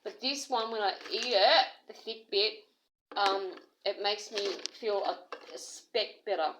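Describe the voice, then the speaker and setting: A woman's voice: mid-range voice, unhurried, heavy background noise. An Australian woman rambling through an agitated, aggrieved personal complaint, jumping from one story to the next. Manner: agitated, aggrieved, jumps between stories.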